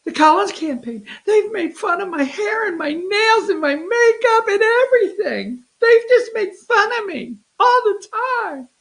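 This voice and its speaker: A man's voice: very high-pitched, lively intonation, unhurried, gravelly, hardly any pauses, fairly bright tone, pitched above the performer's own voice, exaggerated voice, poor audio. A man doing a mocking impression of a self-pitying wealthy woman politician, fake-crying in a whiny voice.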